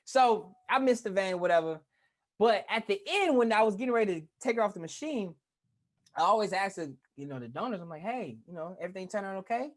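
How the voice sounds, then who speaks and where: A woman's voice: medium pitch, animated, a little fast. A woman co-hosting a podcast, a chatty storyteller in casual conversation who laughs often. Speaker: podcast co-host. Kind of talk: casual chat.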